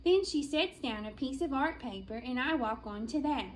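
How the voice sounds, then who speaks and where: A woman reading a children's chapter book aloud as a school librarian, in a gentle storytelling manner with playful drawn-out pauses, in an elementary school library. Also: high voice, expressive, low-quality recording.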